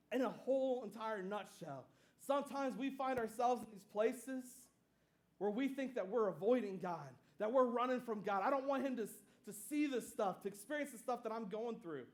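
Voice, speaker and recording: A high-voiced pastor preaches in a relaxed, chatty way, full of asides and quick questions to the congregation. He retells stories with animated energy, acting out the scenes. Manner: casual, conversational preaching with fillers and asides. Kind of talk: sermon.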